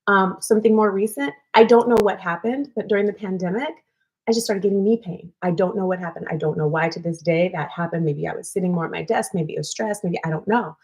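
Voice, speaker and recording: A woman's voice: lowish voice, quick pace, a little mellow. Woman, livestream wellness host, casual and earnest, repeats herself for encouragement. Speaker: host of a weekly live wellness show. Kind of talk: casual motivational livestream talk.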